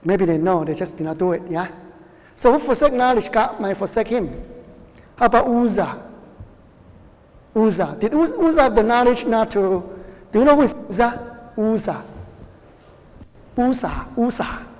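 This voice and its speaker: A woman's voice: a little high, lively intonation, a little mellow. A woman whose first language is Chinese, teaching a Bible class by quizzing her students, with frequent restarts and short laughs. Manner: questions the class often, halting restarts, laughs. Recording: reverberant hall.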